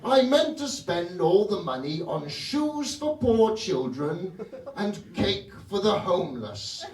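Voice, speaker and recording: A man's voice: high voice, sing-song, slow, a little mellow, full character voice. A man doing a fussy, tutting British-voiced president. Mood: fretful. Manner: dithering, prim tutting. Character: fretful, fussy middle-aged male president. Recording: roomy club from a distance with audience laughter.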